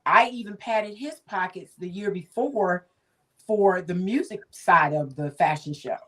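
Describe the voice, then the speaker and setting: A woman's voice: lowish voice, measured pace, fairly bright tone, far from the mic, rough recording. A woman hosting a casual chat, affirming her guest and telling her own story with frequent laughs. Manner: chatty, affirming, laughs often. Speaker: host.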